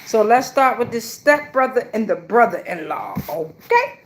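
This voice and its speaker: A woman's voice: fairly high pitch, expressive, normal speed. A woman doing a casual live tarot reading, blunt and chatty with a lot of profanity and slang. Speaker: tarot reader.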